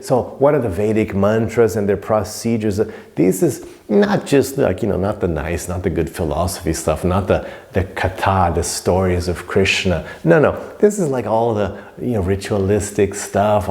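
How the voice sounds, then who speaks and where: A man teaching a scripture class in an informal lecture, emphatic and repetitive, sometimes dropping to a soft hush. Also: fairly low pitch, animated, moderate pace, hardly any pauses.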